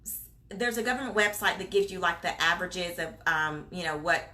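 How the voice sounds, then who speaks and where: A woman's voice: fairly low pitch, fairly quick, sharp tone. A woman hosting a casual live-stream Q&A as a childcare business coach, chatty and encouraging. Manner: chatty and encouraging, many fillers, reads viewer comments aloud.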